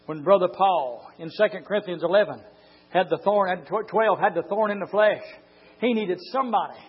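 A pastor with a drawl delivers a fiery sermon in a husky, raised voice. He drops low, then stretches his words into long shouts. The recording sounds dull and lo-fi. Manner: swings from low talk to drawn-out shouting.

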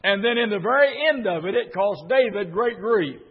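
A man's voice: high voice, animated, normal speed, husky. An older man preaching a revival sermon in a church, fervent, with frequent "uh" fillers and repeated phrases. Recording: dull, long-reverb church sound.

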